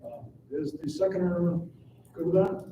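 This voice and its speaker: A man chairing a council meeting, brisk, calling on speakers and running votes. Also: high voice, steady tone, dark tone. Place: council chamber. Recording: echoey room, distant mic, muffled, noisy.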